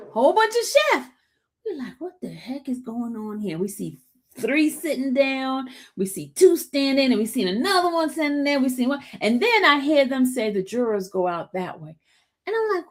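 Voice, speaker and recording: A woman hosts a casual live stream and talks straight to her viewers. She tells the story in a chatty, animated way and keeps calling them y'all. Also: high voice. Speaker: show host recapping a trial.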